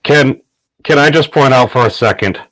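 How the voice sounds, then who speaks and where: A man's voice: mid-range voice, normal speed, a bit bright, no echo. A middle-aged man hosting a casual online commentary video, talking in rambling, wry asides.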